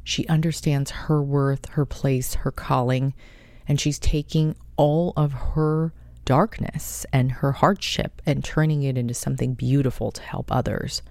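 A woman's voice: rumbling low, fairly even intonation, unhurried, a little mellow, no room sound. A woman hosting her own podcast, talking in a gushing, chatty and effusive way. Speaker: podcast host. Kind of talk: casual monologue.

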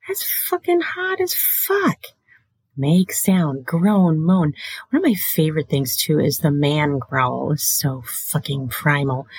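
A woman hosts a sex and relationship advice show in a casual monologue, speaking bluntly and swearing a lot. Her voice sits low and is a little mellow, with no echo. She often laughs and slips into breathy whispers.

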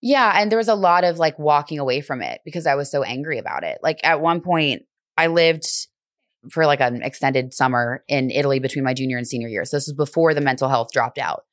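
A woman in her twenties, a fitness instructor guesting on a podcast, telling stories in a lively way and acting out her own lines. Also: very deep voice, brisk, no room sound, clean studio sound. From Brooklyn. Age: 20s. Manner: animated storytelling, acts out quotes. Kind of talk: casual conversation.

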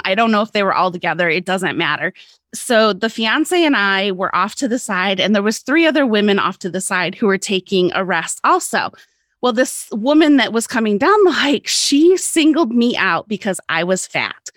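A woman's voice: medium pitch, lively intonation, normal speed, a bit bright, dry recording, studio quality. A woman guest on a podcast telling a personal story in a candid, casual way, swearing freely and laughing often.

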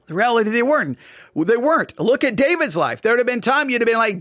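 Animated, high-pitched male preacher. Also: fairly quick, dry recording, studio quality. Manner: emphatic, repetitive, rhetorical questions. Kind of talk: sermon.

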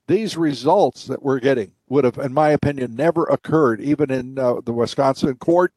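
Male host, measured commanding delivery, dry studio sound. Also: mid-range voice, darkish tone, breathy edge, no room sound. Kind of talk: broadcast commentary and interview.

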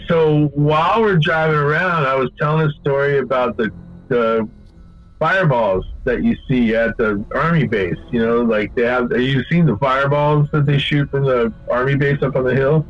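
Man, casual storyteller, rambling and profane, mid pitch, dull lo-fi recording with faint music. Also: moderate pace. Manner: profane, rambling, animated when quoting. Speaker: guest telling a story.

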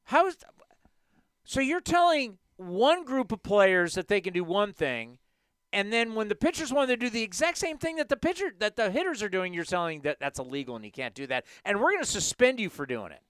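A man's voice: high-pitched, big pitch swings, a little fast, a bit bright, clean tone, dry recording. A man hosting a sports talk show, ranting emphatically with rhetorical questions.

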